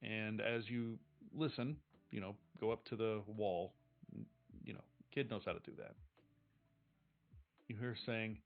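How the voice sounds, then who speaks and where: A man narrating as game master of a tabletop game, relaxed and halting, with many fillers. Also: fairly low pitch, gravelly. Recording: tinny phone-like stream audio with faint music.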